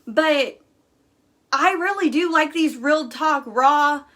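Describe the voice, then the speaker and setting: A woman's voice: high voice, slow pace, a bit bright. A young woman hosting a casual live stream, talking bluntly and candidly with lots of fillers.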